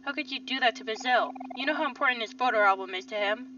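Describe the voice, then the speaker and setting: A woman's voice: fairly high pitch, fast talker, bright, forceful tone, a little hiss or hum. A woman reading a video game's lines as an earnest, stubborn teenage boy who confronts an old friend and pleads with her. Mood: confrontational. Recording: slightly distant, dull lo-fi mic.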